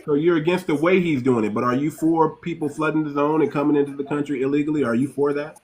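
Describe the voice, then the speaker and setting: A male host in a heated political back-and-forth, firing off rapid, pointed questions. His voice sits a little high and has a husky grain. He talks quickly and keeps pushing the other side. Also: steady tone, a little mellow. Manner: pressing, confrontational questioning. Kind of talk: political debate on a talk stream.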